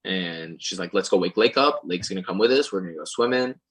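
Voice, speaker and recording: A man's voice: low voice, brisk, breathy edge, poor audio. A young man telling a story in casual chat, acting out other people's lines. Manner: animated, acts out quoted voices. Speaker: podcast guest and singer.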